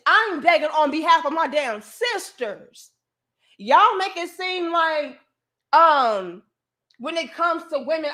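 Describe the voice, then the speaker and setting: A woman's voice: high-pitched, pushed and bright. A woman hosting a livestream, delivering an emphatic, profane, preachy rant to her viewers. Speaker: livestream host.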